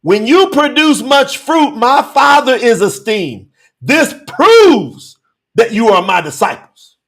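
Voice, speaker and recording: Speaking slowly in an extremely high, sing-song voice, a man preaches a sermon, reading scripture verses and commenting on them with emphatic rhetorical questions and breaking into bursts of shouting.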